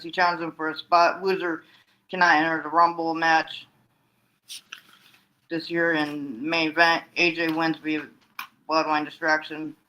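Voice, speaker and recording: Rambling bright-voiced man recapping. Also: on the high side, poor audio. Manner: rambling with frequent restarts and quoted voices. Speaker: wrestling fan recapping storylines. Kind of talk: casual solo recap.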